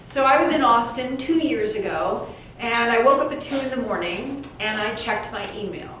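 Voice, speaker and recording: With a fairly high pitch and normal pace, a woman author entertains a live-event audience as an interview guest. She's animated and funny, voicing bits of dialogue in her stories. Echo, a distant microphone, and faint background noise mark the recording.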